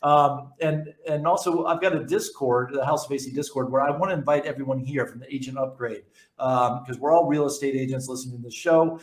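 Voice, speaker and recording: A man's voice: medium pitch, steady tone, a little fast. Eager male podcast host, echoey room. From New York. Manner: eager, with frequent word repeats and restarts. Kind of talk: casual interview chat.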